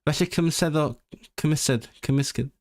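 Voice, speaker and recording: A slightly high, fairly quick male voice is recorded on a desk microphone. The man, whose first language is English, casually livestreams about learning languages, reading chat, restarting his thoughts often, and switching into learner's Welsh with lively intonation.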